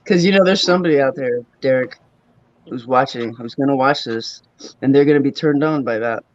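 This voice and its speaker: A man's voice: mid-range voice, brisk. A man hosting a casual vlog chat, teasing his friends and laughing often. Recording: lo-fi muffled sound.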